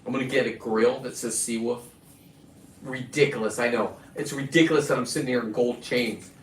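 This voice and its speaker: With a steady, mid-range voice and a slightly quick pace, a middle-aged video host rambles through a boastful, profane story in casual monologue. The recording is echoey and distant, with faint ambience and a little hiss or hum.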